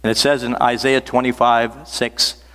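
A man's voice: medium pitch, little pitch movement, normal speed, fairly bright tone. An older man preaching a sermon, folksy and earnest, repeating key phrases for emphasis. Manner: folksy, storytelling asides. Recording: reverberant hall sound.

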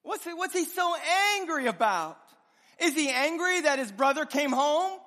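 A pastor preaching a sermon with passion, his voice swinging between loud and hushed. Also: very high voice, lively intonation, normal speed. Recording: long reverb of a large hall.

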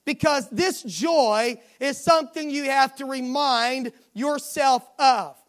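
Woman, preacher, sermon, high-pitched, unhurried, emphatic, repeats refrains. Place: church midweek service.

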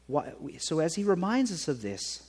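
A man preaching a sermon in a conversational way, often checking in with his listeners with a quick "right?". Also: a little high, big pitch swings, darkish tone, husky, big-room sound. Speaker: pastor.

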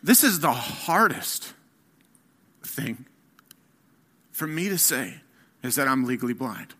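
A middle-aged man preaching a candid personal testimony, his voice bright and forward. He tells the story haltingly, full of fillers and restarts, earnest and unpolished. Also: medium pitch, very animated, husky. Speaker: guest speaker.

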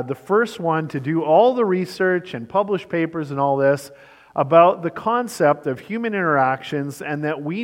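A man giving a sermon as pastor, telling a story and shifting between brisk and slow, emphatic delivery. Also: fairly high pitch, long reverb tail.

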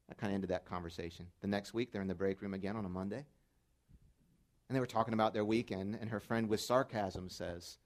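A middle-aged man preaching a sermon as pastor, telling stories and building to loud, fervent peaks. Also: lowish voice, expressive, fast.

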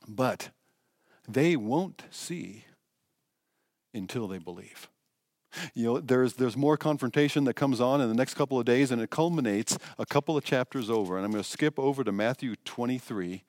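A male pastor delivers a sermon in an emphatic style that moves from loud to hushed. His voice sits in a middle pitch. The sound is dry and close, with no room echo. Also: normal speed.

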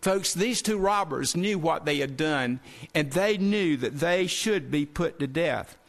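A man preaching a sermon, earnest and direct, asking the congregation rhetorical questions and slowing down to stress key phrases. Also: a little high, animated, gravelly. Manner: earnest, addresses listeners as folks, asks rhetorical questions.

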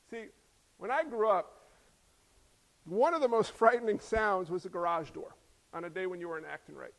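A middle-aged man preaching a sermon, animated and acting out voices as he tells stories. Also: high voice, normal speed, vocal fry, long pauses. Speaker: pastor.

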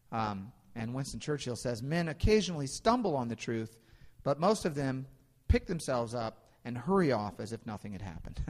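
A man in his thirties preaching a sermon in a relaxed, anecdotal way, often pausing with ums and restarting his sentences. His medium-pitched voice rings out with a long reverb tail, as in a large church sanctuary. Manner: casual, anecdotal preaching with frequent fillers and restarts. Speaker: pastor.

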